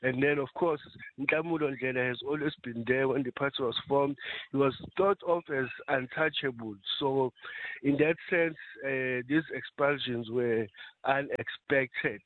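A man from South Africa, a political analyst interviewed on radio, explaining in a measured way. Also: mid-range voice. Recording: phone line.

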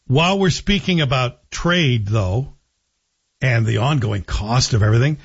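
A man's voice: mid-range voice, lively intonation, a little slow, slightly rough, highs cut off. A man hosting a talk radio show, giving sardonic, opinionated commentary. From Scotland.

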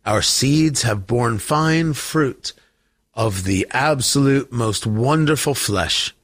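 A man voicing a gloating, sinister male villain who relishes plotting destruction, in a slow theatrical menace. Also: mid-range voice, animated, fairly bright tone, no room sound, pitched below the performer's own voice.

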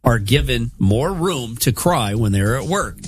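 A man's voice: medium pitch, animated, a little slow, soft background music. A man hosting a radio show in casual chat, reading study findings aloud and riffing on them. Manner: reads study findings aloud, then riffs.

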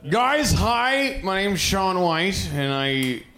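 A man doing a stand-up comedy set, animated and self-deprecating, bantering with the crowd. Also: sits high, slow pace, background noise. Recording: roomy club recording with a crowd.

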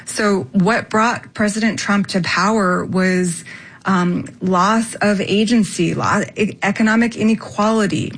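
A woman guest on a radio interview talks at an even, middle pitch. She lays out her ideas earnestly and step by step. She often tags her points with a quick "right?". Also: poor audio. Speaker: guest expert.

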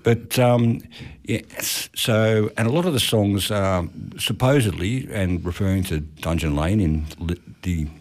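A man's voice: fairly low pitch, unhurried, a little mellow. A man hosting a radio music show, chatting casually and jokingly with plenty of "mate" and "no worries.". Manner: laid-back, jokey, drops in "mate" and "no worries". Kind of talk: casual chat.

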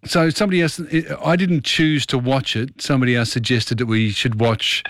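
A chatty man hosts a radio show and rambles casually through his thoughts. His voice sits at an ordinary pitch. It is recorded close and dry, with no room sound. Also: animated, normal speed, fairly bright tone, dry recording. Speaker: radio host.

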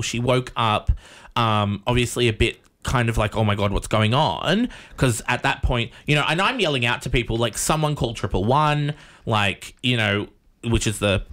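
A man co-hosting a casual chat show, telling stories in a rambling, animated way full of fillers. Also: mid-range voice. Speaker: podcast co-host.

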